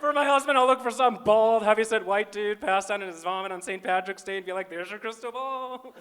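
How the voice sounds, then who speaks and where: This stand-up comic, a man from small-town Minnesota, has a high voice that is bright, sharp, clear and resonant. He speaks fast with fairly even intonation, landing self-deprecating jokes with wry timing into a handheld mic on a festival stage.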